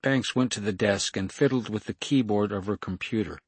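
A man narrating an audiobook thriller in a steady, even reading on a close mic. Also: fairly low pitch, normal speed, slightly rough, no room sound.

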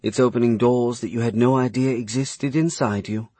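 A man voicing a calm, mysterious young woman who speaks softly and quietly. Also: mid-range voice, no echo, lightly acted. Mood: soft warning. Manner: soft, quiet, measured.

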